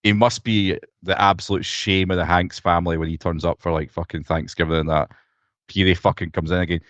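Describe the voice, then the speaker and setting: This young Scottish co-host has a deep voice and talks briskly with fairly even intonation, blunt and sweary as he rants animatedly in a casual podcast chat over a video call. His tone is a bit bright, with no echo.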